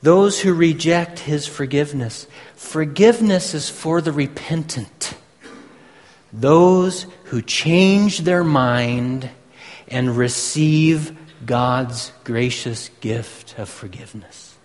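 Slow, high-voiced preacher in a hall. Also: male voice, a little mellow. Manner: slow, deliberate teaching with emphatic pauses. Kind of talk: sermon. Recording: long hall reverb.

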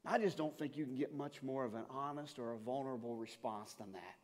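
A man preaching a sermon as a pastor, earnest and often stammering, moving between loud pleading passages and hushed, reflective ones. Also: medium pitch, fairly quick. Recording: long hall reverb.

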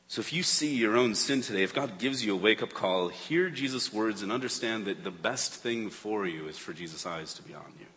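A lower-voiced man preaches to his congregation, earnest and searching. He builds to urgent emphasis, then drops almost to a hush. His voice rings with the long reverb of a large church hall. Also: expressive, fairly quick, few pauses, slight background noise. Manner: earnest, rises and falls between urgent and hushed. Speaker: pastor. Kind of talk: sermon. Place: church sanctuary.

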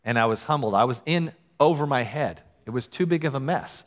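A man preaching a sermon in a church, his voice at a middle pitch. He moves between reading scripture and talking plainly to the congregation, with self-deprecating asides. A long hall reverb trails after his words. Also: brisk, few pauses, dull audio. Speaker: pastor.

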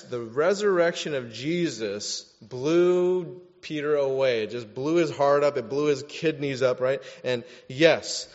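A man's voice: mid-range voice, long reverb tail, lo-fi sound. A man preaching a sermon, animatedly acting out voices of the people in his story. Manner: animated, mimics voices of biblical figures. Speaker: pastor.

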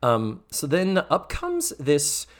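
A man's voice: a little high, wildly swooping pitch, slow. A man co-hosting a podcast, chatting casually as he recaps a sitcom episode and acts out the characters in exaggerated voices. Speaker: podcast co-host.

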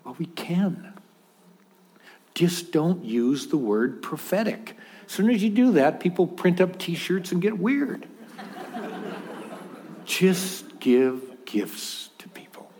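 A man's voice: high voice, animated, slow, dark tone. A man preaching a sermon in a conversational, humorous way, with acted asides.

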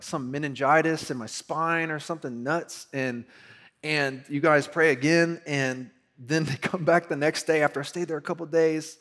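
Animated pastor, man, fairly high voice. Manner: animated, laughing, acts out quotes. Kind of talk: casual sermon storytelling.

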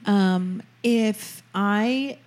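A young woman talking in a casual chat, chatty and quick to tease. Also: medium pitch, a little mellow.

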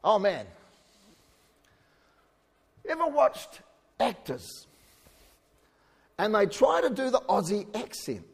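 A man from New Zealand with a New Zealand accent, preaching a sermon in a conversational way with joking asides and shouted emphasis. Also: high voice, wildly swooping pitch, takes it slowly, vocal fry, pauses often, breathy edge. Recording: hall reverb.

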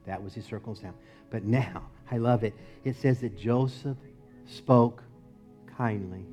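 A male pastor preaching a sermon in a church, moving from loud emphatic lines to low, quiet ones. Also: a little slow, soft background music. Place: church sanctuary.

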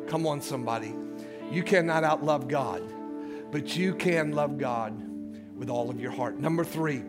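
A man's voice: a little high, normal speed, loud music behind the voice. A man preaching a sermon as pastor in a church, emphatic, calling out to his congregation. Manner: emphatic call-and-response preaching. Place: church sanctuary.

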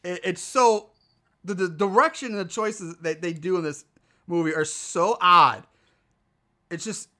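A lively, swearing voice recapping a strange movie scene by scene, its pitch leaping up and down as it goes. The tone is bright and a little sharp, with an exasperated edge. It is casual podcast chat between friends. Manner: profane, animated, exasperated retelling. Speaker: podcast co-host.

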